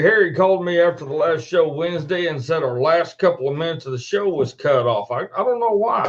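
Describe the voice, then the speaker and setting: Man, folksy livestream host, slow and a bit high, dull lo-fi computer mic. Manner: folksy, greets viewers by name. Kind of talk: casual live-stream chat. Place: at home at the computer.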